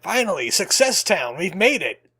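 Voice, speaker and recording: A man's voice: high-pitched, sing-song, moderate pace, bright, forceful tone, a little hiss or hum. A man giving playful, joking commentary as he plays through a game, now and then voicing lines in character. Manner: joking, hums along and voices game lines. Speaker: let's play host. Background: faint game music.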